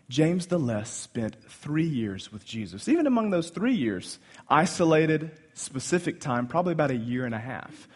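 Pastor, male, sermon delivery, fairly high voice, quiet-to-loud emphatic swings. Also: big pitch swings, a little slow, breathy edge.

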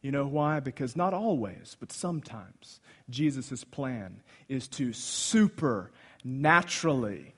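A man preaching a sermon, swinging between loud exclamations and hushed asides as he retells a Bible story. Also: medium pitch, expressive, slow pace, husky. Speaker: pastor.

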